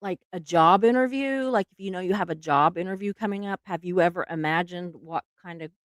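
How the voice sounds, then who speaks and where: A woman's voice: on the low side, a little fast, no room sound, clean studio sound. Chatty giggly woman in her fifties. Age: 50s. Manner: chatty, giggly, with frequent laughs and restarts. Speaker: livestream host. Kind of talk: casual chat with live viewers.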